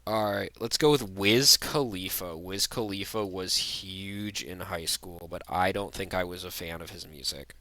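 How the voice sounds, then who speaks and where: Young guy, low voice, kinda sharp and bright tone, rambling blunt takes w lots of ums, dry sound. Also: unhurried, few pauses, dry recording. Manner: rambling, blunt, with many fillers and restarts. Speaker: vlogger. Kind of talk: casual tier-list commentary.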